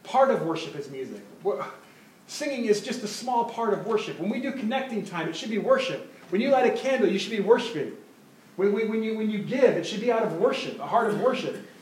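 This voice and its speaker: Animated pastor preaching in an echoey hall. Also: male voice, sits high, fairly quick, slight background noise. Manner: animated, repeats words while searching. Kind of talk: sermon.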